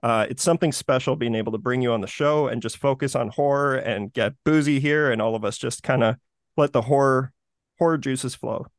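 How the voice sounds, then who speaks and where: A man's voice: mid-range voice, brisk, dry recording, studio quality. A man co-hosting a horror movie podcast, chatting casually with many fillers and restarts. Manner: relaxed, rambling, many fillers. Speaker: podcast co-host. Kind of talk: casual chat.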